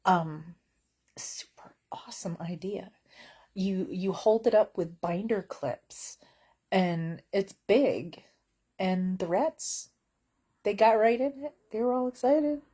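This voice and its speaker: A woman's voice: mid-range voice, slow, warm tone. A woman vlogging from bed at home in casual chat, wry and blunt, rambling with lots of fillers.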